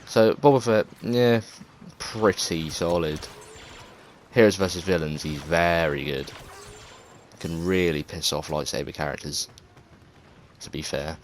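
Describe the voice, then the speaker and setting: A man with an English accent talks through his gaming opinions in an offhand, meandering way. His voice sits very low, and he stumbles through fillers and swears freely. A faint hiss sits under his voice. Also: a little slow. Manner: rambling, hesitant, lots of fillers and swearing. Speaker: gaming video creator. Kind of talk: casual gameplay commentary.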